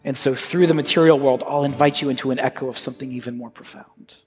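A man leading his congregation as pastor, preaching and guiding communion in an earnest tone that moves between raised emphasis and hushed prayer. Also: mid-range voice, fairly even intonation, quick pace. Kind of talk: sermon and communion liturgy. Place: church sanctuary. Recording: long hall reverb with soft guitar.

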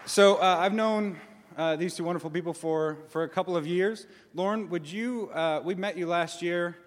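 Male pastor with a light, fairly high voice, playful and animated at the pulpit; large hall with a long reverb. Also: moderate pace. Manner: playful, acts out voices for effect. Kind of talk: church announcement talk. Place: church sanctuary.

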